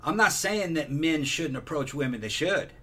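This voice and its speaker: A man's voice: on the high side, expressive, moderate pace, fairly bright tone. A man hosting a casual podcast chat, emphatic and opinionated, swearing often. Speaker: podcast host.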